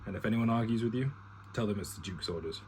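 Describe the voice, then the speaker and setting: Deep-voiced gruff officer, read plainly by a man; noisy home recording. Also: fast talker, a little mellow, lightly acted. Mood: commanding. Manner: plain reading, little acting. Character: gruff male army officer, commanding.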